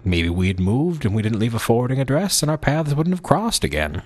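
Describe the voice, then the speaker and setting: A man telling a story in a casual, rambling monologue. He is playful, restarts his sentences often, and sometimes slips into a high, silly put-on voice. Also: very animated, brisk, darkish tone. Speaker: podcast host.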